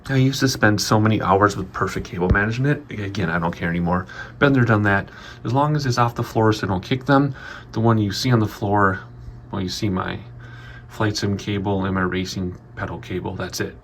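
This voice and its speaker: A man's voice: lowish voice, fairly quick, a little hiss or hum. A man giving a chatty, rambling tour of his home office studio, a little out of breath. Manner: rambling, chatty, frequent ums. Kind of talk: casual walkthrough vlog.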